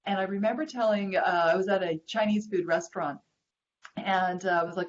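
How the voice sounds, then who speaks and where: A woman's voice: medium pitch, a little fast, lo-fi sound. A woman co-hosting a live web show, telling a self-deprecating anecdote in a friendly, chatty way. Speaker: co-host, hypnotherapist. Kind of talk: casual storytelling chat.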